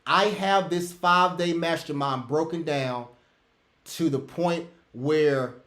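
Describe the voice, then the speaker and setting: High-voiced man teaching trading on a call. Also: takes it slowly, roomy sound. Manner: emphatic, rants loudly then drops to soft asides. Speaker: online trading instructor. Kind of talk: live webinar pitch. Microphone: computer mic on a video call.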